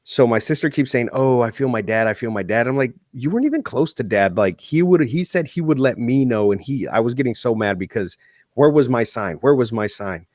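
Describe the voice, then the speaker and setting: A man's voice: mid-range voice, big pitch swings, a little fast, darkish tone, no room sound, clean studio sound. A man co-hosting a podcast, telling a personal story in casual chat with plenty of swearing. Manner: swears a lot in heartfelt storytelling. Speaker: podcast co-host.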